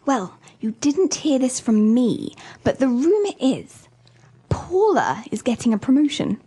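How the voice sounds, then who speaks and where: A woman voicing a gossiping female office worker in a scripted lesson dialogue, with a breathy voice. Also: high voice, sing-song, unhurried, dark tone, full character voice. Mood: conspiratorial.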